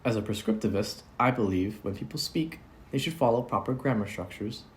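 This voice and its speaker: Male actor voicing a prim vampire, low voice, formal and exacting. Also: lightly acted. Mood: lecturing. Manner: measured, formal, prescriptive. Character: old-fashioned male vampire, prim and pedantic. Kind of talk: amateur audio drama.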